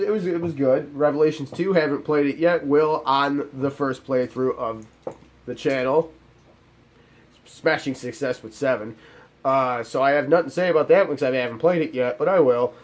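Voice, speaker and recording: A man ranting through a sarcastic, profane video game review. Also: medium pitch.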